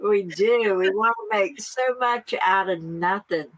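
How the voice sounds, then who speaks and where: Slow-talking middle-aged woman farmer. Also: mid-range voice, fairly bright tone, low-quality recording. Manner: slow, laughs often while talking. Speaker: guest, farmer. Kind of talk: casual interview talk.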